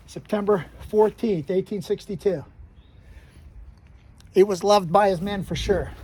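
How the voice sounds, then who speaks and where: A hiking vlogger with a high-pitched, slightly mellow voice chats about history to a handheld camera on a mountain trail, with slight background noise. His storytelling rambles, and he frequently corrects himself as he walks.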